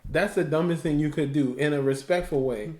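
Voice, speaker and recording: A man co-hosting a casual talk show, telling animated stories and acting out what others said. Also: fairly high pitch, a little fast, reverberant. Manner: animated storytelling, acting out quotes. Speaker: co-host. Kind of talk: casual chat.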